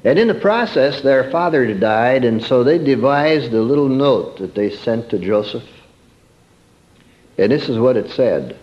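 A man preaching a sermon in a storytelling way, swinging from emphatic peaks to soft, quiet asides. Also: mid-range voice, lively intonation, unhurried, muffled recording.

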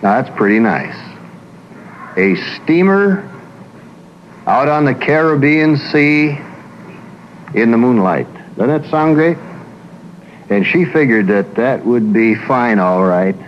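A man's voice: mid-range voice, expressive, takes it slowly, long pauses, lo-fi sound, a little hiss or hum. A man who works as a psychologist, giving a folksy lecture full of anecdotes and acting out the people he describes.

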